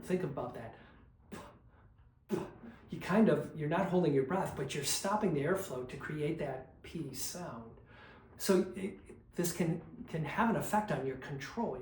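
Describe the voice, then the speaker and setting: A man teaching diction drills in a calm, explanatory way, demonstrating each exercise aloud. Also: fairly high pitch. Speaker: vocal coach. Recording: roomy echo, faint background noise.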